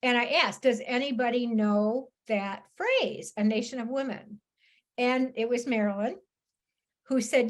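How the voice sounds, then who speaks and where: Woman, fairly high voice, animated storytelling, video call audio. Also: a little slow. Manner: animated, laughs often, many restarts. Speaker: author and psychotherapist, guest speaker. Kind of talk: casual storytelling talk. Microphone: laptop video call.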